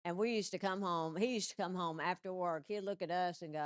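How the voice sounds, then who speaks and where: A woman comedian telling animated stand-up stories into a stage mic and laughing at her own jokes. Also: on the low side, brisk, few pauses, no echo, studio quality.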